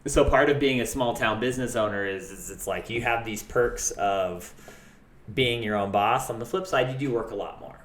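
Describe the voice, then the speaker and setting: A man's voice: medium pitch, normal speed, fairly bright tone. A young adult man, a chef and restaurant owner, talking candidly and rambling in a casual interview, swearing freely. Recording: echoey room with faint noise.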